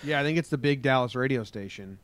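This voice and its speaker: A man's voice: medium pitch, fast, clear, resonant tone, no room sound. A man co-hosting a podcast, chatting loosely and joking as he reads odd news headlines. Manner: loose, joking, swears casually. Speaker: podcast co-host. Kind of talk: casual podcast chat and news rundown.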